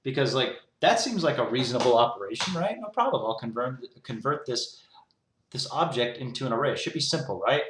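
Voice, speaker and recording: A man's voice: medium pitch, animated, fairly quick, a bit bright, a little hiss or hum. A young man rambling and exasperated as he talks through his own code in a casual way, leaning on "like" constantly. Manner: exasperated, rambling, heavy use of "like". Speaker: programmer streaming his coding. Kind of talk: casual talk-through while coding. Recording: roomy echo.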